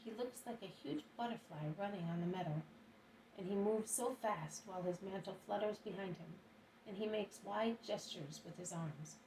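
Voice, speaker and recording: A woman reading a religious book aloud in a steady, measured narration. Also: medium pitch. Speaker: audiobook reader. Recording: roomy, distant mic, faint hiss.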